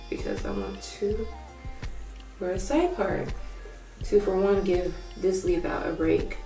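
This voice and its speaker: A low-voiced young woman with a gravelly morning voice chats loosely through a hair tutorial, thinking out loud as she goes. She sits back from the camera in an echoey room at home, and faint music plays underneath. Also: far from the mic. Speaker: hair vlogger. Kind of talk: casual tutorial chat.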